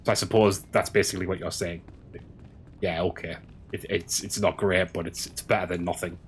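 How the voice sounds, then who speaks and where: Male game streamer, lowish voice, loose and halting with lots of restarts, quiet hum behind. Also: fairly even intonation. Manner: halting, chatty, many restarts, answering chat. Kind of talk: casual stream chat while gaming.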